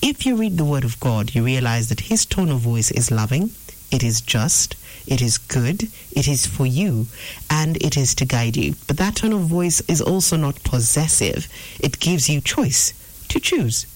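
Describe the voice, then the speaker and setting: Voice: medium pitch, very animated, a little slow, a little mellow, low-quality recording. Earnest preacher. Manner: earnest, repeats phrases for emphasis; acts out inner voices in quotes. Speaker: preacher answering a viewer question. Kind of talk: informal sermon teaching.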